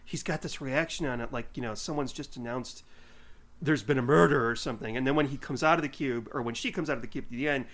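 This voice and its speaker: A man co-hosting a podcast in casual chat, animated and jokey, often trailing off mid-sentence. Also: medium pitch, fast talker. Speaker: podcast co-host.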